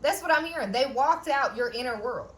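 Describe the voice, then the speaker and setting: A woman gives a loose, chatty tarot reading in a slightly higher voice. She checks in with "okay?" after almost every thought. She laughs often and drops the odd curse word. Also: expressive, fairly quick, fairly bright tone. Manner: repeats "okay?" often, laughs, swears casually. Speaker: tarot reader. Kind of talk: casual spiritual reading.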